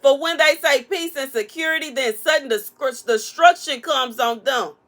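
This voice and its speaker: A woman giving a casual prophetic message, animated and playful, preaching straight to the listener. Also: high-pitched, normal speed. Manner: animated, preachy, playful, African American Vernacular English. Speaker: prophetic content creator.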